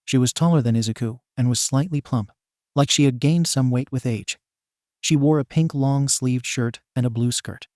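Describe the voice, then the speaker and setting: A man reading a fan fiction story aloud as narrator, with a steady, even delivery. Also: mid-range voice, moderate pace, dry recording, studio quality.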